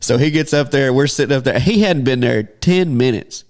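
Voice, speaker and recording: A man's voice: mid-range voice, moderate pace, a little mellow. A man hosting a podcast, telling a casual story and laughing often as he talks. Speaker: podcast host.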